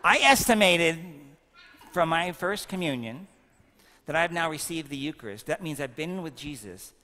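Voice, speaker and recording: A man in his fifties preaching in a church with a long, ringing reverb, his voice fairly high and bright. He jokes and quizzes the children in a playful homily. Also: normal speed. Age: 50s. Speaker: priest. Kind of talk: homily at a First Communion Mass.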